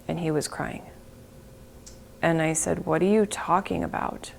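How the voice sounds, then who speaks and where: A middle-aged woman recalls painful events in an interview, her voice low and gravelly. She speaks slowly and haltingly, breaking off mid-phrase and at times sinking to a whisper. A faint hiss sits under the recording. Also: fairly even intonation. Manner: halting, breaks off and restarts, sometimes drops to a whisper. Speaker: interviewee, bereaved mother. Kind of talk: emotional interview recollection.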